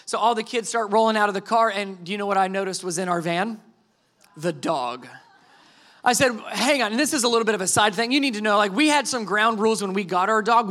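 A man in his thirties telling a family story as a sermon illustration, animated and self-deprecating, acting out what everyone said. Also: high-pitched.

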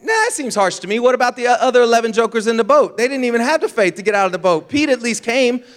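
Young male pastor, high voice, animated sermon, jokey, acts out voices, long hall reverb. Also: fast talker. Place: church auditorium.

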